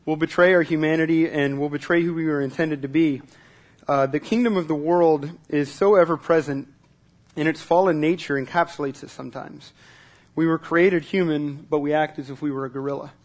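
A man preaching a sermon in a relaxed, conversational way at a church service, repeating words as he starts sentences and asking the congregation questions. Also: a little high, a little fast. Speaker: pastor.

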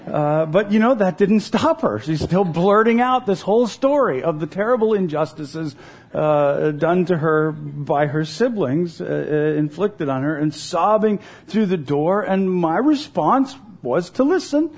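A man's voice: high voice, lively intonation, measured pace, a little mellow. A middle-aged man pastor preaching a sermon in an earnest, conversational way, telling personal stories.

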